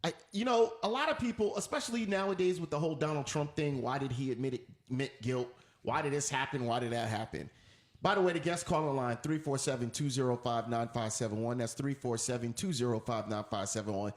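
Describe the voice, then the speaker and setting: A man's voice: medium pitch, brisk, roomy sound. A man hosting a talk radio show, ranting in an emphatic, preachy way and repeating his points. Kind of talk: opinionated talk radio rant.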